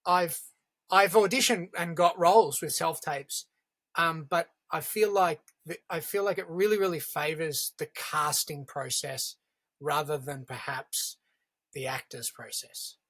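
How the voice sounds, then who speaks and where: Measured, emphatic actor. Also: male voice, fairly high pitch, steady tone, a bit bright. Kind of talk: casual roundtable chat.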